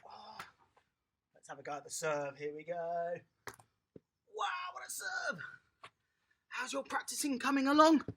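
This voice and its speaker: A children's tennis coach, giving a lively, encouraging home lesson and praising the young players outdoors in a garden. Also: medium pitch, a little fast, slight background noise.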